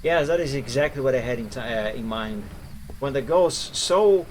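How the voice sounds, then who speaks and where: A man's voice: mid-range voice, animated, normal speed, a little mellow, slight background noise. A man streaming a ghost-hunting game live, chatting with viewers and reacting as he plays. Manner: chatty, jumpy, talks to chat while playing. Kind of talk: live gameplay commentary.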